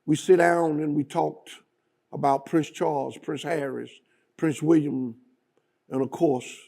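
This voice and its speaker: A male guest speaker telling a story in a dramatic, deliberate manner. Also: a little high, vocal fry, warm tone. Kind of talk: storytelling speech.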